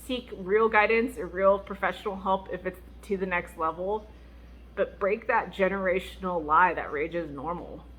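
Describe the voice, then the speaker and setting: A woman speaking as a Christian mom vlogger, giving candid, faith-based advice in a chatty, expressive way, often laughing and acting out what people said. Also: lowish voice, moderate pace.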